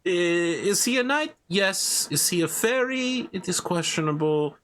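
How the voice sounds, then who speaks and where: A man voicing a tall, lithe male fairy knight who speaks in a measured, formal courtly way. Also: high-pitched, expressive, fairly bright tone, pitched above the performer's own voice. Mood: wry.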